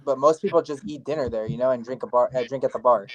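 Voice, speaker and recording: A man from Los Angeles, a band member being interviewed, chatting casually and adding quick asides. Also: mid-range voice, muffled recording, a crowd in the background.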